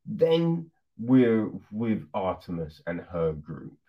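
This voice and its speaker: A man's voice: lowish voice, sing-song, slow. A man casually reviewing a film on his channel, laughing, swearing and throwing in lots of rhetorical asides. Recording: dull lo-fi recording.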